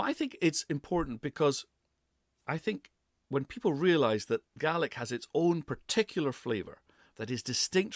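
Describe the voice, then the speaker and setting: Lively man coaching pronunciation. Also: on the high side, no room sound, studio quality. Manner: deliberate, demonstrates sounds with exaggerated repetition. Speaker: Gaelic speech coach. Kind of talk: pronunciation lesson.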